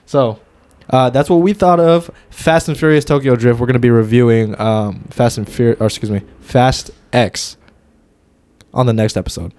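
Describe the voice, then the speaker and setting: A man's voice: medium pitch, moderate pace, a little mellow. A man co-hosting a casual movie review podcast, loose and jokey, swearing and stumbling over names. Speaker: podcast co-host.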